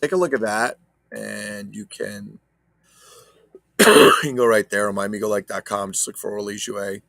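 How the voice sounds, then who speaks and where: A man's voice: lowish voice, normal speed, vocal fry, fairly bright tone, no echo. A man casually chatting about his toy collection, rambling and swearing as he talks to viewers. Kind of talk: casual unboxing chat.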